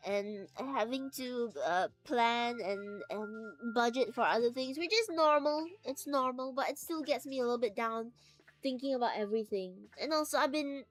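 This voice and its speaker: Sitting on the floor at home, a VTuber streamer rambles playfully to her viewers as she wanders across topics. Her fairly high voice is recorded dry.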